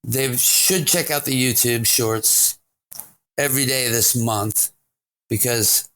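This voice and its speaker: A man's voice: mid-range voice, fairly even intonation, takes it slowly, sharp tone. A man co-hosting a home improvement talk show, casual and jokey, teasing his partner. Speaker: co-host. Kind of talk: casual chat.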